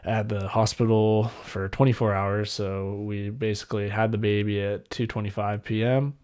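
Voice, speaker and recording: A young man hosting a solo podcast, telling a personal story in a rambling, excited way with many restarts. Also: on the low side, normal speed, smooth. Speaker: podcast host.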